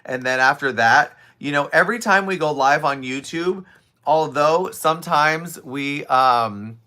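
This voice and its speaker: Chatty raspy-voiced man, bright tone. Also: fairly high pitch, a little slow. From Southwest Florida. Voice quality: slightly raspy, scratchy from overuse. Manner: chatty, animated, laughs often, talks to viewers' comments. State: voice worn from talking for hours. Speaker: live streamer and fitness instructor. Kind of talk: casual live stream chat. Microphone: streaming setup close to camera.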